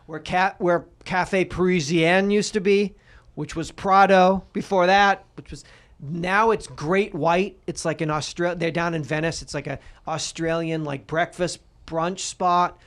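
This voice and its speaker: A man's voice: high voice, steady tone, a little slow, a bit bright. A man co-hosting a podcast in casual comedic banter, ranting with profane, mock-outraged energy. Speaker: podcast co-host.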